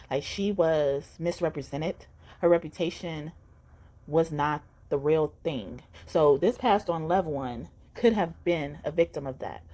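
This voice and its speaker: Low-voiced woman giving a tarot reading. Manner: warm, earnest, rambling with repeated words; affectionate, addressing the viewer directly. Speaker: tarot reader. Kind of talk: casual tarot reading to camera.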